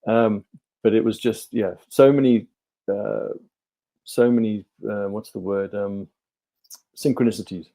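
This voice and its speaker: Middle-aged guest, low warm voice, meandering storyteller. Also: male voice, steady tone, a little slow, long pauses. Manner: rambling, many ums and restarts. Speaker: podcast guest, life coach. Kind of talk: relaxed storytelling interview.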